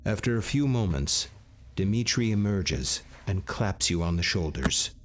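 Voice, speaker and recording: A man giving measured second-person scripted narration for a game. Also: low-pitched, expressive, a little hiss or hum.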